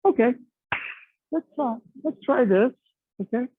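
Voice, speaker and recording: A man's voice: extremely high pitch, animated, measured pace, slight background noise. A middle-aged man teaching a martial arts class, explaining chattily with lots of "okay" and "you know.". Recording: dry, tinny phone-like sound.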